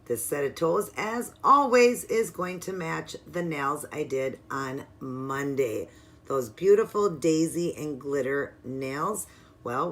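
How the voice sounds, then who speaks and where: A woman's voice: sits low, a bit bright. A woman hosting her own nail art video, walking through her supplies step by step in a chatty, upbeat way. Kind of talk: casual tutorial narration.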